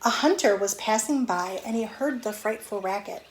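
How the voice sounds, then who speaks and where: A woman teacher reading a picture book aloud to children, gently explaining words as she goes. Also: mid-range voice, moderate pace, a little hiss or hum, poor audio.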